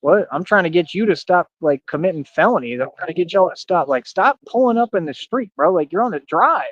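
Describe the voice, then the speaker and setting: A man's voice: a little high, no echo. Man ranting and challenging people, slangy. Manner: boastful, confrontational, challenging viewers; slangy, repeats bro and like. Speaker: streamer. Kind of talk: ranting livestream talk. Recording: dull, dry lo-fi stream audio.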